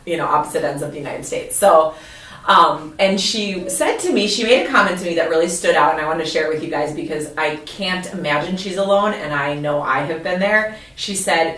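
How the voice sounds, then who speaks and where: A woman's voice: low voice, fairly quick, a bit bright. A woman co-hosting a podcast, telling candid, confessional stories about her own past in casual chat. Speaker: podcast co-host. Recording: roomy echo, mic at a distance.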